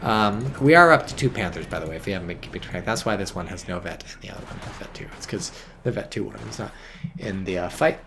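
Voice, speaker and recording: A man giving casual, rambling game commentary full of swearing, tired and a bit drunk, with sudden bursts of excitement. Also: on the low side, fast talker, a little hiss or hum.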